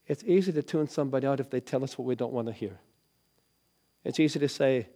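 A man preaching a sermon, telling a story dramatically and dropping from loud lines to hushed ones. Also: mid-range voice, a little fast. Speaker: pastor.

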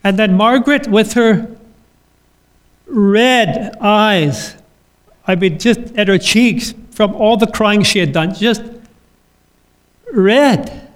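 A man preaching a sermon in a measured, liturgical cadence, ending in a blessing. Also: sits high, clean tone. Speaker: pastor.

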